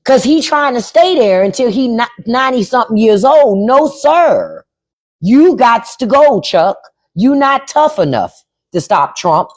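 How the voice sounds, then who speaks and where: Blunt, lively-voiced woman livestreamer. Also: on the high side, measured pace. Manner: blunt, profane, repeats herself for emphasis; reads out chat and spells names. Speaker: podcast host. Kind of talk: casual live-stream chat.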